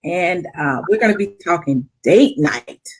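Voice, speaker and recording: A middle-aged woman co-hosting a talk show, chatting and telling a personal story with animated delivery and frequent laughter. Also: lowish voice, a little slow, husky. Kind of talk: casual chat and personal storytelling.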